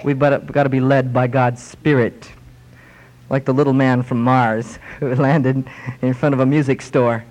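A male preacher delivering a sermon, reading scripture with emphasis and slowing down on key words. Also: medium pitch, flat delivery, a little mellow.

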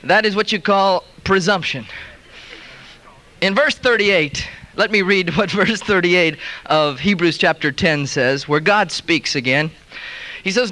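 Male preacher, sermon, emphatic storytelling, high voice, bright. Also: unhurried.

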